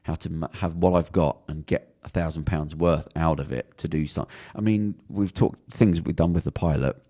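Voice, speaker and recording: A man's voice: rumbling low, normal speed, warm tone. A man with a British accent, talking bluntly and swearing a lot as he rambles through a casual podcast chat. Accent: British English. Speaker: podcast host.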